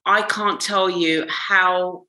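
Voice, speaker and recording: A woman holds forth on a podcast, blunt, sweary and ranting. Her voice is bright and forceful. The room around her is echoey. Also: fairly low pitch, steady tone, extremely slow. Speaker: podcast co-host. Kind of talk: casual podcast chat. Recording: roomy echo.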